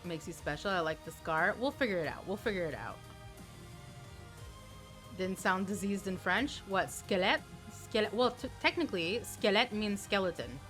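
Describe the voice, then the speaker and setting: A woman's voice: medium pitch, expressive, normal speed, fairly bright tone, soft background music. A woman streamer chatting casually and playfully with her viewers. She sounds a little tired and often repeats words as she restarts.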